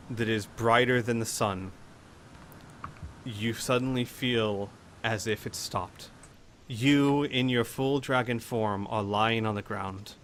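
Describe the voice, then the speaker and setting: Slow, deliberate game master man. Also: mid-range voice, a bit bright, a little hiss or hum. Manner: dramatic, deliberate storytelling. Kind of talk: narrating a tabletop game.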